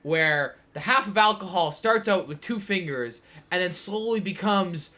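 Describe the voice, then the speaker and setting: A man's voice: high-pitched, animated, a little slow, bright, forceful tone. A young man co-hosting a podcast, telling a long anecdote in a rambling, casual way full of fillers. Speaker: podcast co-host. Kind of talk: casual storytelling chat.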